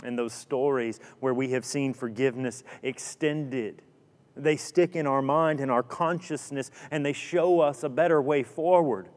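A man preaching a sermon, telling a story dramatically with rhetorical questions and sudden drops to a hush. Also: medium pitch, steady tone, unhurried. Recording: long hall reverb.

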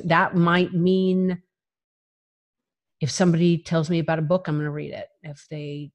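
A woman, a guest in an interview, candidly tells the story of her own life in a somewhat low voice. Her tone is level and her pace moderate, and she pauses often. She speaks frankly and emphatically, with light laughter between phrases.

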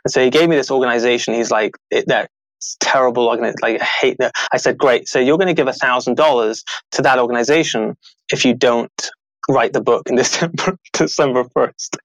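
A man's voice: mid-range voice, brisk, no room sound, rough recording. A man in his thirties, speaking as a podcast guest, tells stories with energy. He acts out other people's voices and laughs often. The sound is dry and close. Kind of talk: casual interview storytelling.

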